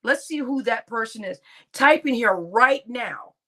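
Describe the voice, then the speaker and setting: A woman's voice: fairly high pitch, animated, measured pace, fairly bright tone. A woman hosting a casual live stream, chatting and laughing with her viewers and addressing them as y'all. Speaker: livestream host.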